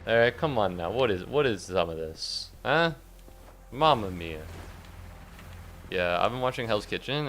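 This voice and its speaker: A man's voice: low voice, gravelly, a bit bright, slight background noise. A young man streaming a game, rambling and sarcastic, swearing a lot and yelping suddenly at the game. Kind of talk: casual gameplay commentary.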